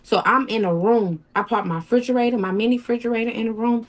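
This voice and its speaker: A woman guest in an interview, telling a personal story in a halting, emotional way and acting out what people said. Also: a little high. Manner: tells events with quoted dialogue, emotional, halting.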